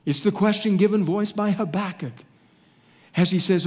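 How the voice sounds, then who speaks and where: A man's voice: high voice, a little mellow. Man preaching dramatically in a reverberant hall. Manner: dramatic preaching with long pauses and falling phrase endings. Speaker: pastor. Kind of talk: sermon.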